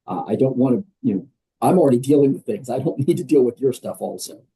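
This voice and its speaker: Older man with a dark, husky voice. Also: mid-range voice, lively intonation, fast, poor audio. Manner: conversational, emphatic, many fillers. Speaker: guest, wellness program leader. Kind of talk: podcast interview.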